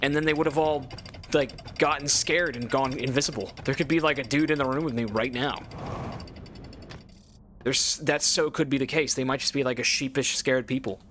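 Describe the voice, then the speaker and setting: A man's voice: mid-range voice, fairly even intonation, normal speed, a bit bright, slight background noise. A man giving casual gameplay commentary as he plays, thinking aloud and rambling with lots of filler words. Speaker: let's play gamer.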